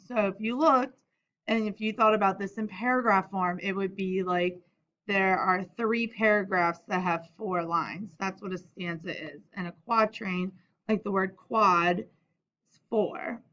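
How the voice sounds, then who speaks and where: Young adult female teacher, friendly and explanatory, mid-pitched, slightly muffled lo-fi recording. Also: a little slow, fairly bright tone. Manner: friendly, explanatory, casual asides. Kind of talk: recorded lesson for students.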